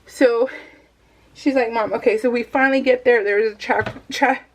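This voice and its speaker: Middle-aged woman, slightly high pitch, casual rambling storyteller, frequent laughs and coughs. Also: steady tone, normal speed, a little hiss or hum, low-quality recording. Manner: chatty, laughs often while telling the story. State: coughing, recovering from tonsil removal. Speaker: scrapbooking vlogger.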